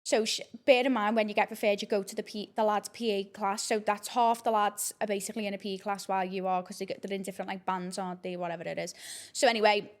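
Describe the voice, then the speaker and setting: A young woman rattles through a story at a quick pace on her podcast. She keeps it frank and rambling, full of swearing and fillers, at a middling pitch. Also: steady tone. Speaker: podcast host.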